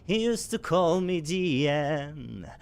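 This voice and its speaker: A man's voice: fairly high pitch, big pitch swings, slow pace, gravelly, clean tone. Chatty man commenting on a game. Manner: chatty, rambling, reads lines aloud. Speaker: gaming streamer. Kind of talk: casual playthrough commentary.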